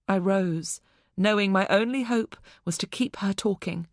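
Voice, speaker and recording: A female audiobook narrator reading a first-person thriller with tense, measured control. She reads slowly at a middle pitch, and the recording is dry and close with no room sound. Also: no echo.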